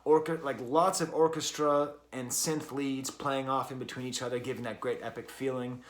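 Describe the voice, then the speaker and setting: A man's voice: mid-range voice, steady tone, moderate pace. A man reviewing an album in a casual, rambling way, with many fillers and restarts. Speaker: music reviewer.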